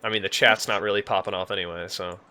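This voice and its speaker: A young man chatting casually on a live stream, joking and rambling, sometimes working himself into loud mock rants. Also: lowish voice, fairly even intonation, rapid-fire. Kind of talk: casual chat while gaming.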